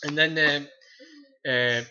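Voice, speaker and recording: A young man from Iceland, an English speaker, chatting playfully and excitedly as a singer in a casual livestream interview. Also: fairly high pitch, takes it slowly, lo-fi sound. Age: young adult.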